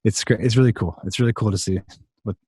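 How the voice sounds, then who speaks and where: A man's voice: on the low side, quick pace, a little mellow, husky, dry recording, clean studio sound. A man telling a long story in a casual interview over a video call, rambling with many restarts and fillers. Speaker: songwriter guest.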